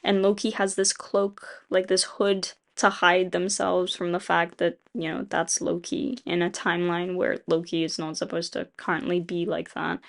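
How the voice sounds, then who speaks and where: Gravelly woman casually recapping a plot. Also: lowish voice. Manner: rambling, filler-heavy, voices quoted characters; opinionated, swears casually. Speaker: video essayist.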